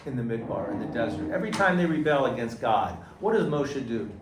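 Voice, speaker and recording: A man's voice: mid-range voice, fairly quick, background noise. A man teaching a Torah lesson to a class, asking questions and acting out quotes with rising energy. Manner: animated, asks the class questions, acts out quotes loudly. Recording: echoey room, mic far off.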